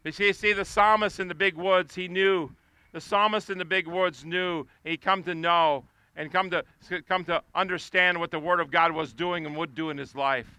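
Preacher, man, very high and bright, clean dry close sound, sermon outdoors, builds to impassioned pleading. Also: fairly even intonation, normal speed, clean tone, no echo. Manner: impassioned, rising to pleading shouts.

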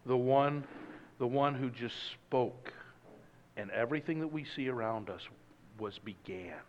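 A man preaching a sermon, moving from loud emphatic lines to hushed, low passages. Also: measured pace, big-room sound, lo-fi sound, a little hiss or hum. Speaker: pastor.

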